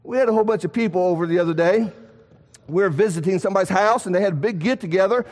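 A man preaching a sermon in a church, animated, asking rhetorical questions and swinging between loud and soft. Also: high-pitched, rapid-fire. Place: church sanctuary. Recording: long hall reverb.

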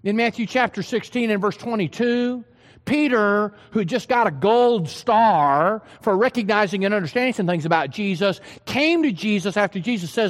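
A man's voice: sits high, animated, moderate pace, big-room sound. A man preaching a sermon, emphatic and full of questions to his listeners. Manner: emphatic, asks the hearers questions.

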